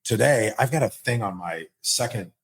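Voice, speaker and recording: A man's voice: on the low side, normal speed. A man hosting a casual podcast conversation, speaking with animation, swearing often and checking in with his listener as he talks. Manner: animated, swears a lot, keeps checking with "right?". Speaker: podcast host.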